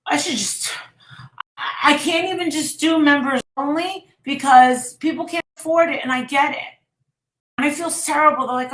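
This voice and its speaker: A woman's voice: sits high, moderate pace, a bit bright, echoey room, poor audio. A woman vlogger retelling a story in a rambling, emotional way, breaking off now and then to scold her viewers.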